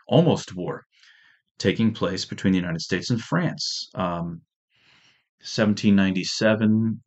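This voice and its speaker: Low-voiced man giving a casual history lecture. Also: breathy edge. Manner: conversational, with restarts and jokey asides. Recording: dull lo-fi audio.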